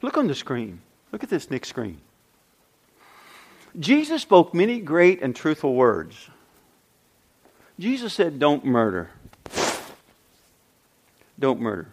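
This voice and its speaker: Older guy pastor giving a sermon, kinda high voice, swings up and down a lot. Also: wildly swooping pitch, takes it slowly, pauses often, husky. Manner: emphatic preaching with repeated refrains and rhetorical questions.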